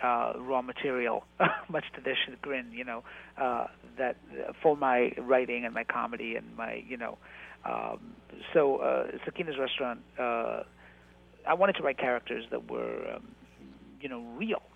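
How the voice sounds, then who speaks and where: A man, an actor, reflecting in an interview, halting with many fillers and restarts. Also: mid-range voice, creaky. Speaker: actor and guest. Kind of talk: interview conversation. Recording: tinny phone-like line.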